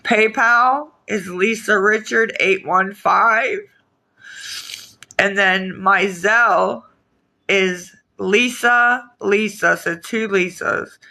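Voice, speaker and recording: A woman chatting on a live stream, reading viewers' comments and asking for donations, weary and sighing, with halting restarts. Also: mid-range voice, creaky, sharp tone, rough recording.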